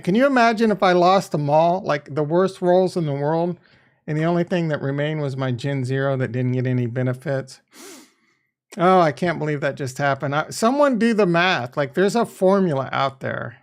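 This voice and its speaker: A man livestreaming a crypto game and chatting to viewers, excitable and rambling, laughing often and swearing casually. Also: on the high side. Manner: rambling, thinks aloud. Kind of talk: live stream commentary.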